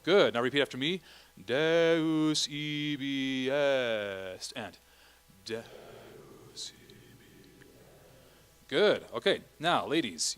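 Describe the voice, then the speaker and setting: A man's voice: mid-range voice, a bit bright. A middle-aged man directing a choir rehearsal in a church, chatty, often singing vowel and Latin examples.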